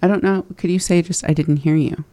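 A woman in a casual language lesson, practising phrases slowly and laughing at her own slips. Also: on the low side, fairly even intonation, warm tone, dry recording. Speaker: language learner and co-host.

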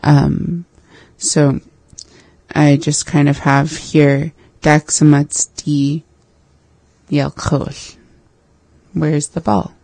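Lesson co-host, slow even delivery, gravelly and mellow, practicing vocabulary aloud. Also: medium pitch, dry recording. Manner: slow, flat, deliberate, practices words by repeating them. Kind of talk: language lesson conversation.

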